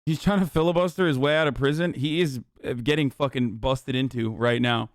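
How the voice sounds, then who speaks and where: A man's voice: mid-range voice, a little fast, no echo, clean studio sound. A man streaming, giving casual, profane, incredulous commentary on a video. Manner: profane, incredulous, animated rants. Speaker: streamer reacting to a documentary.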